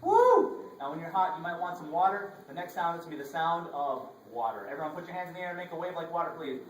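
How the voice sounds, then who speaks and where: A man's voice: a little high, rapid-fire, very noisy. A man from Florida leading an educational show for children, coaxing them through call-and-response. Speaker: children's performer. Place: large library hall, indoors. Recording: echoey hall from far off.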